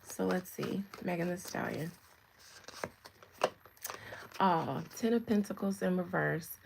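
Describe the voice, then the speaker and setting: A woman's voice: fairly low pitch, takes it slowly, gravelly, heavy background noise. A woman in her thirties reading tarot on a casual livestream, chatting with viewers and laughing often. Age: 30s. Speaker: tarot reader.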